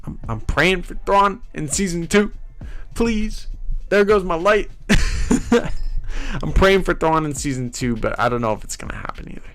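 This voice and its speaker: A man's voice: a little high, brisk, few pauses, a bit bright, faint music behind. Upbeat man hosting a livestream, stuffy nose. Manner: upbeat, hyped, reads chat comments aloud. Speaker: livestream host. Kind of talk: casual livestream chat.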